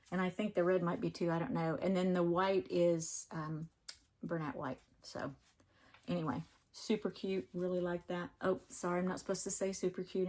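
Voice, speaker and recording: A woman's voice: lowish voice, darkish tone. Chatty woman showing off her crochet. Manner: chatty, rambling, fond of her crafts. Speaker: crafting vlogger. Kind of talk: casual chat. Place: home crafting room.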